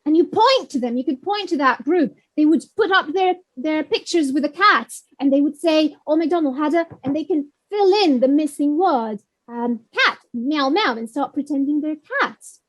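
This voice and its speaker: A woman presenting an online webinar for teachers, explaining with many fillers and lively demonstrations. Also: sits high, normal speed, few pauses. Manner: animated, sings and mimics animal sounds to demonstrate. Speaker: teacher trainer.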